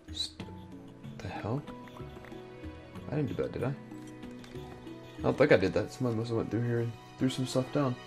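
A young man giving casual gameplay commentary, muttering to himself as he sorts items and explores, sounding sleepy and yawning. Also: fairly low pitch. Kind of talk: casual let's-play commentary.

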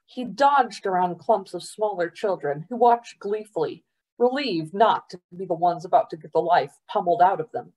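A woman storyteller reading a novel aloud for a library program, unhurried and expressive. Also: fairly low pitch, slightly rough.

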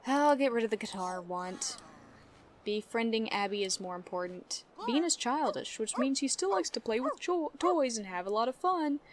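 A young woman talks her way through a life-sim game, chatting straight at her characters and laughing between lines. Her voice sits a little high and stays casual and unscripted. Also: animated, moderate pace, slight background noise. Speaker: let's play gamer. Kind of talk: casual gameplay commentary.

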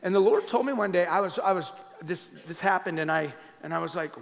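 A middle-aged man preaching a sermon as pastor, conversational and animated, often turning to the congregation with questions. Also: a little high, a little fast, creaky. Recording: long hall reverb.

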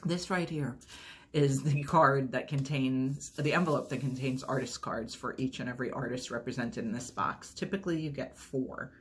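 A woman's voice: extremely low pitch, steady tone, moderate pace, few pauses, slight background noise. A woman chatting casually through an unboxing video, rambling and gushing over each item. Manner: enthusiastic, gushing. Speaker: unboxing vlogger.

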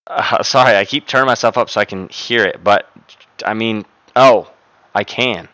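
A man's voice: on the low side, normal speed, bright, forceful tone. A young man live-streaming from his desk at home, chatting casually and profanely into a desk microphone and rattling off thanks to viewers by name.

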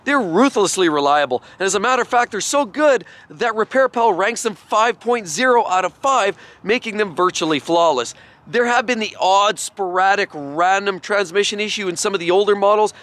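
A man's voice: sits high, fairly bright tone. A man doing an enthusiastic walkaround of cars, praising each detail. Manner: effusive, praising every detail. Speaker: car reviewer. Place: outdoors beside parked cars.

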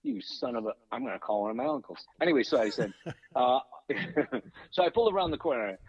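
A man who is a voice actor, calling in by phone and telling lively showbiz stories. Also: medium pitch, a little fast, breathy edge, dry recording. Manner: animated, slips in and out of impressions. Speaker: guest voice actor and impressionist. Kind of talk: casual storytelling on a radio call-in. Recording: dull phone line.

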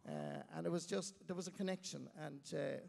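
A middle-aged Irish man from County Clare, a guest telling self-mocking stories in an animated way on a live stage. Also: on the high side, fairly quick, creaky, a little hiss or hum. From Ireland, County Clare. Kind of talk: storytelling interview. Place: live stage before an audience. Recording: long reverb of a live venue.

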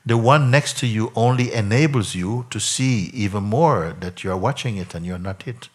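A man as a spiritual teacher in a satsang, probing a questioner by repeating questions back in slow, reflective phrases. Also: lowish voice, slightly rough. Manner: slow, reflective phrasing with frequent "you know" and "no?". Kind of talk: satsang talk answering a questioner.

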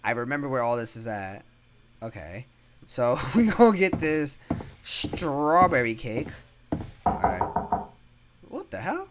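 A young man giving casual commentary while playing a horror game, reacting loudly and saying "bro" a lot. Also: mid-range voice, very animated, slow pace, long pauses. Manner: casual, reactive, swears, says "bro" often. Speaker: gaming YouTuber. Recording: game music behind voice.

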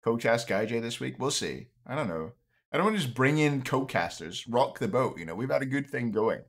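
A young streamer and caster chats casually on a late-night stream, a little tipsy, rambling, trailing off, and restarting his sentences often. His mid-range voice is animated and brisk.

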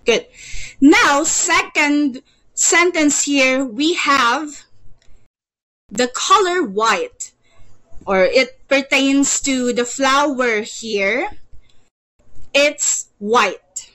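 A woman's voice: high-pitched, very slow, bright, forceful tone, poor audio. A woman teaching an online English lesson, patient, repeating words and stammering "you, you" as she leads drills.

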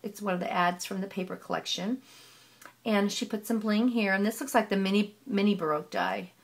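A woman's voice: medium pitch, fairly even intonation, a little fast, creaky. A woman gushing in a casual show-and-tell of handmade scrapbook pages, piling on praise and repeating words of delight. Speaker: scrapbooking vlogger.

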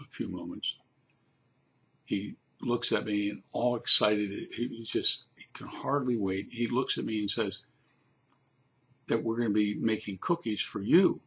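An older man telling a warm family story in a casual, unhurried way, with frequent pauses and restarts. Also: fairly low pitch, vocal fry, husky.

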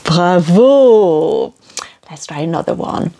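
A woman with a Geordie accent, teaching French phrases to children in a slow, playful, exaggerated way. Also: lively intonation, dark tone. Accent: Geordie English. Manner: playful, slow and exaggerated, with big swoops in pitch. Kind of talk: children's language lesson.

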